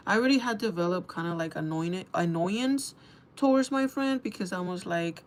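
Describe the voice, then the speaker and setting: A woman's voice: medium pitch, expressive, brisk, vocal fry, a little hiss or hum. A young woman in her twenties, chatting candidly and casually as she does her makeup, swearing freely. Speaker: beauty vlogger. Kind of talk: casual storytime chat while doing makeup.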